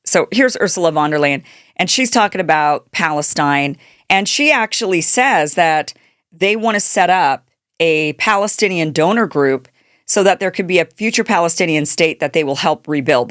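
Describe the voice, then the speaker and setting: Her voice sits low as she hosts a political commentary show, ranting unscripted and indignant, throwing out rhetorical questions and starting sentences over. The sound is clean studio audio without echo.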